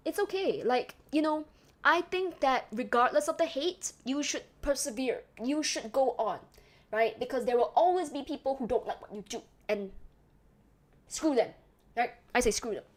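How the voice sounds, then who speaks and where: Young singaporean girl streaming, kinda high voice, slight british-ish accent, giggly and yappy. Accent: slight British-sounding. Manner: chatty, giggly, reads chat aloud. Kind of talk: casual chat with viewers.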